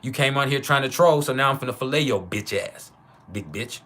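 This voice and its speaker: A Texan man hosting a casual livestream, his voice bright and forward. He rambles loosely with many restarts, then gets loud and heated as he roasts a troll. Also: medium pitch, lively intonation, brisk. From Texas. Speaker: astrology livestream host.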